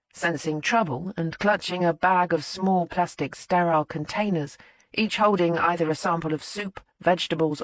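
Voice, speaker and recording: An audiobook narrator reading a mystery novel in measured storytelling style, with small shifts in voice for the characters. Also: mid-range voice, no room sound. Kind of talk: scripted narration.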